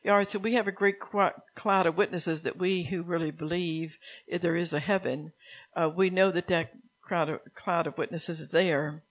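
A preacher delivers a sermon to a gathered congregation in an earnest, exhorting tone. The voice sits at a middle pitch. Phrases restart and repeat as the thought builds. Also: low-quality recording. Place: room with a live congregation.

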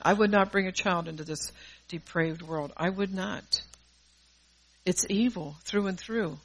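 A woman's voice: fairly low pitch, slightly rough, low-quality recording. A middle-aged woman preaching a sermon in a fervent, conversational way, laughing between points.

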